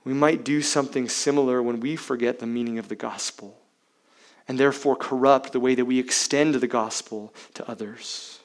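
A man's voice: medium pitch, fairly even intonation, moderate pace. Emphatic male pastor preaching. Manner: emphatic, with dramatic swings between loud and hushed; uses rhetorical questions to the congregation. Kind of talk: sermon.

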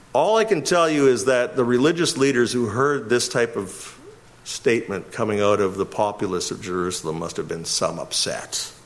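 A man's voice: mid-range voice, normal speed. A middle-aged man from Canada giving expository Bible teaching as a pastor, emphatic and often chuckling. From Winnipeg, Canada.

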